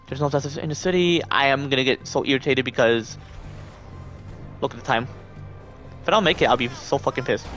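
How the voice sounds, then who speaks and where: A man's voice: mid-range voice, brisk, pauses often, a bit bright, faint music behind. Frustrated cursing man streaming a game. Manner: frustrated, swearing, talking to himself. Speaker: gaming streamer. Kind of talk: casual live-stream commentary.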